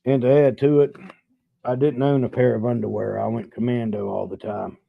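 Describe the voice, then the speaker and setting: A man's voice: medium pitch, flat delivery, normal speed, vocal fry. Laid-back, profane middle-aged man storyteller. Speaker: live stream host. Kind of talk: casual storytelling chat over drinks. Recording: dull, dry lo-fi sound.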